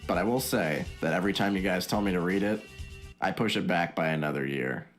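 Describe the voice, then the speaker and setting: A man giving scripted video commentary in a measured, dry manner, with faint music behind him. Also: sits low. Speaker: video essayist.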